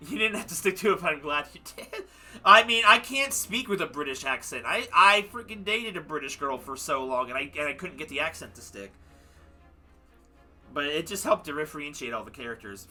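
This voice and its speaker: A man's voice: a little high, animated, moderate pace, sharp tone, soft background music. A young man livestreaming, chatting casually and ramblingly about a game he just finished, sounding tired and self-deprecating. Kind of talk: casual chat wrapping up a game stream.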